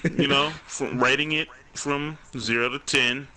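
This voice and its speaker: A podcast co-host with a mid-range, steady voice speaks a little slowly over crowd noise. The chat is casual, packed with profanity, laughter, and mocking banter.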